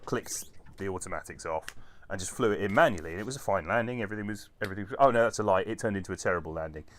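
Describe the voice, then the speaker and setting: A man, an airline pilot, chatting casually and telling animated, sweary stories during a stream. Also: fairly low pitch, rapid-fire. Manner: animated storyteller, swears freely. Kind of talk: casual chat over a stream.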